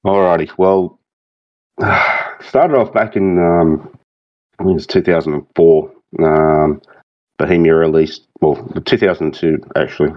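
An Australian man on a podcast as a guest, talking in a laid-back, halting way. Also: sits low, steady tone, muffled recording. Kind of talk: casual podcast chat.

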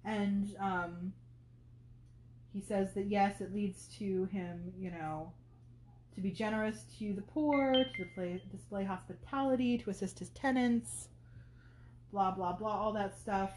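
A woman's voice: medium pitch, measured pace, a little mellow, roomy sound, a little hiss or hum. A woman hosting a podcast, talking through a classic novel in casual commentary, thinking aloud with many fillers. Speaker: podcast host.

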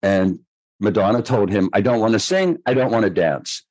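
Older male guest, low voice, animated raconteur, dry close sound. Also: moderate pace, dry recording, rough recording. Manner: lively storyteller who acts out quoted voices. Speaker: guest choreographer. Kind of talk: storytelling in a podcast interview.

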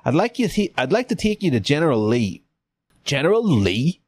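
A calm, persuasive Confederate officer with a soft, slow Southern drawl, as a man puts him on. He coaxes rather than barks. It's a character voice in a gamebook read-aloud. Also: a little high, no echo, pitched above the performer's own voice. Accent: Southern US, put on.

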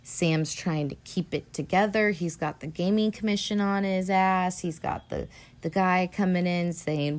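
A woman with a fairly low, unhurried voice hosts a podcast where she rambles through a film recap. She's casual, curses a lot, and fills the gaps with filler words.

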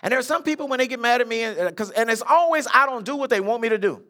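An older man preaching a sermon in a church, his voice high and bright. He swings his pitch up and down as he acts out Bible figures in casual street talk. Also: expressive, racing. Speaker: pastor. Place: church sanctuary.

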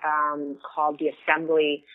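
A woman's voice: low-pitched, completely flat delivery, a little slow. Earnest woman on a phone line. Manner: earnest, effusive, rambling. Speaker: guest. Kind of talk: casual chat.

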